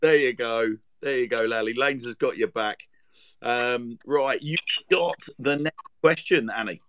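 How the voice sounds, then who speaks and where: A man's voice: mid-range voice, measured pace, a bit bright, slight background noise. A man hosting a casual podcast chat, jokey and teasing, with lots of fillers. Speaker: podcast host.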